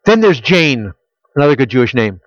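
A man preaching a sermon. He keeps asking the listeners rhetorical questions and swings between loud emphasis and quiet, intimate prayer-like tones. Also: mid-range voice, sing-song, a little fast, highs cut off. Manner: asks the audience rhetorical questions. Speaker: pastor.

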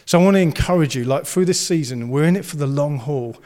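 A man's voice: a little high, fast talker, a little mellow, long reverb tail. A man preaching a sermon, earnest and encouraging, and he slips into playful banter. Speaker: pastor.

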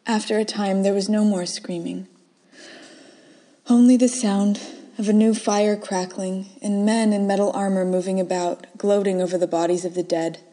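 A woman reading her own first-person short story aloud, soft and measured, dropping to whispers in quiet moments. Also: mid-range voice.

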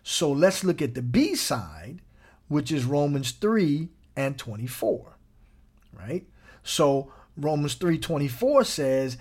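A man pastor preaching a sermon in a lively, playful way, breaking into chuckles and quick asides. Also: a little high, husky.

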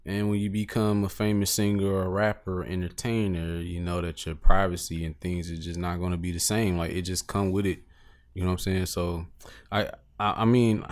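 A man, talking casually as a co-host. He is relaxed and thoughtful, and he explains his views step by step. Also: low-pitched. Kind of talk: casual chat.

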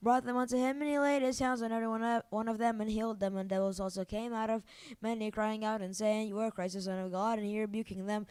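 Woman reading scripture aloud, quick and plain, smooth tone. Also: a little high, little pitch movement, a little mellow, no room sound.

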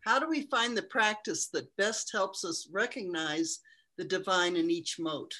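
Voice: medium pitch, unhurried, sharp tone. A moderator reading out questions from listeners in a plain way. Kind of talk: asking questions.

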